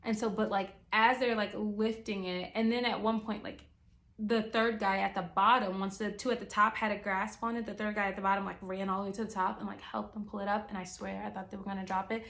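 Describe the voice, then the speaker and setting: A woman's voice: medium pitch, level tone, fairly quick, fairly bright tone. Chatty, exasperated young woman vlogger. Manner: chatty, exasperated, heavy use of filler "like". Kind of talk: casual storytime chat.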